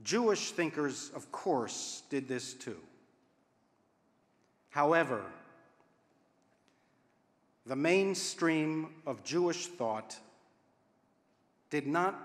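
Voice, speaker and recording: A rabbi delivers a contemplative sermon, weighing each phrase and letting it hang before the next. His voice sits fairly high for a man and moves at a slow, deliberate pace, with the occasional wry aside. The sound rings out in a roomy space with a long, trailing reverb. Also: animated. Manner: measured, deliberate, with long pauses between phrases. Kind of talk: reflective sermon. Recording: echoey room with long reverb.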